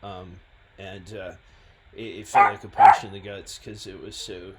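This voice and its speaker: A man, a scientist and founder, talking through his own website in a halting, self-deprecating way. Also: sits low, little pitch movement, a little hiss or hum. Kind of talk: reading and commenting on his website.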